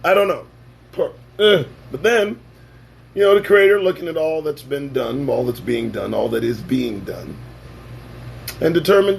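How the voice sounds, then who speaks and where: A man hosting his own show, delivering a sarcastic, profane, preachy monologue that swings from loud bursts to low asides. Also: expressive, normal speed, gravelly, slight background noise. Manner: preachy, sarcastic, swears freely. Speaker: talk show host.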